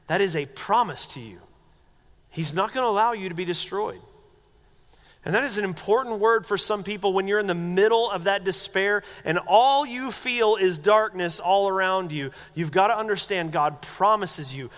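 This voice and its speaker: A middle-aged male pastor preaches in an earnest, conversational way, his voice pitched notably high. He often sinks into soft, quiet tones for tender moments. A long reverb trails his words, as in a church sanctuary. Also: normal speed. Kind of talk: sermon.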